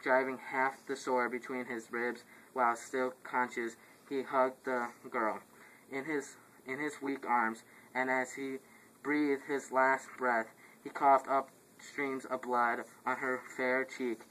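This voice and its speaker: A man's voice: mid-range voice, flat delivery, slow pace, pushed and bright, slight background noise, low-quality recording. A man playing a messenger in an amateur play, reading his long report with stumbles, restarts and stifled laughs. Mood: grim. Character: messenger reporting deaths to the royal house.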